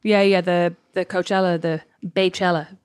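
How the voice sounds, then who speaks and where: An Irish woman co-hosting a podcast in casual chat, quick and chatty and laughing easily. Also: on the low side, flat delivery, darkish tone, smooth, dry recording, clean studio sound. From Ireland. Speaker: podcast co-host.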